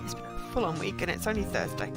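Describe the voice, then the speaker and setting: A woman's voice: fairly low pitch, big pitch swings, fast, vocal fry. Chatty woman streaming a game. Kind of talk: casual game commentary. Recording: game music underneath.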